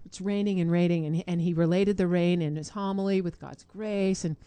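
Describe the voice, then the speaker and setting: Quick, laughing woman in a dry room. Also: on the low side, fairly even intonation, warm tone, smooth, dry recording. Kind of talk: casual faith podcast chat.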